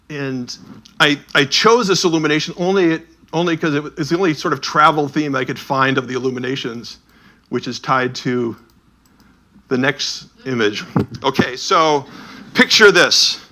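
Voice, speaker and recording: A man giving a talk, telling lively anecdotes with quick asides and acting out the people in them. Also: mid-range voice. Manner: animated anecdotal storytelling with asides. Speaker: speaker touring with a Bible edition. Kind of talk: storytelling talk.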